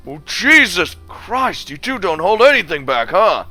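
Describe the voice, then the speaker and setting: A blunt schoolgirl who sounds incredulous and judgmental, as a man puts her on. Her voice is pitched up and bright, and it rises sharply in disbelief. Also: big pitch swings, measured pace, no room sound, soft background music, heavily acted.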